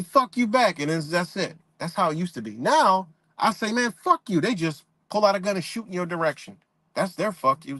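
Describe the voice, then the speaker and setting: Greeting people in the chat between blunt, profane street-talk rants, a man hosts a casual live stream. His voice is high and fairly bright, with no echo on the recording.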